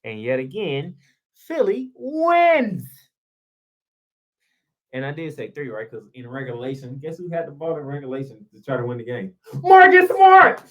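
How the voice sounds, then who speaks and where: With a mid-range, sing-song voice at an ordinary speed, a sports show host delivers a heated solo rant. He stays casual and sarcastic, throwing out rhetorical questions and restating his points for emphasis.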